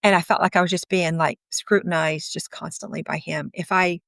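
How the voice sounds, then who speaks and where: This is a woman in her fifties sharing a personal story as an interview guest. She speaks candidly and outspokenly in a fairly low voice and laughs now and then. The sound is dry and close. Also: fairly even intonation, a little fast, gravelly, fairly bright tone, no room sound.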